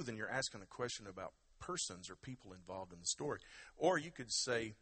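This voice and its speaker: A man's voice: sits low, a little fast, bright, forceful tone, slightly rough. A man preaching a sermon in a conversational, emphatic way and urging the congregation to give praise. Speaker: pastor.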